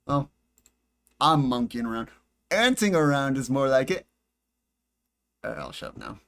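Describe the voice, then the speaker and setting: A man's voice: mid-range voice, animated, measured pace, long pauses, a bit bright. A man commenting casually on his live game stream, chatty and joking with his viewers, talking into a headset at home. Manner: chatty, jokey, talks to chat and himself. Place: home room with air conditioning and bright lights.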